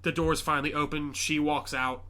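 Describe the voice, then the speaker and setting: A man hosting a podcast, chatting casually and excitedly retelling a movie with lots of fillers. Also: on the high side, normal speed. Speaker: podcast host. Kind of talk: casual chat.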